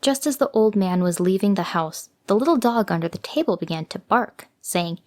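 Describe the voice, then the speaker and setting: Woman storyteller, fairy-tale narration, gentle expressive reading, mid-pitched voice. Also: normal speed.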